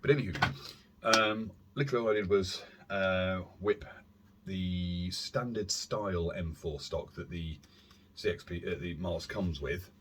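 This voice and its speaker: Low voiced guy rambling about his airsoft gun to camera, lots of um and anywho, bit of faint background hiss. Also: unhurried. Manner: rambling, self-deprecating, lots of fillers and asides. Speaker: airsoft YouTube channel host. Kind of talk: casual gear review vlog. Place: warm room at home, indoors. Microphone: camera on a stand.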